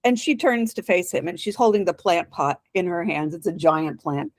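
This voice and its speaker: A woman's voice: on the low side, moderate pace, no echo. A woman co-hosting a casual podcast, retelling a drama scene by scene and voicing its lines. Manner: reads scenes aloud with lively voiced quotes and laughs. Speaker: podcast co-host retelling an episode. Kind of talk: casual chat, acting out dialogue.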